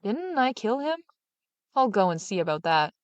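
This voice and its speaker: A woman's voice: medium pitch, big pitch swings, moderate pace, dry recording, dull audio, lightly acted. A greedy, vengeful farmer, read by a woman, speaks bluntly and grumbles threats. It is a storybook voice close to a dry mic. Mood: grudging. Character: greedy, brutish male farmer Big Claus, vengeful.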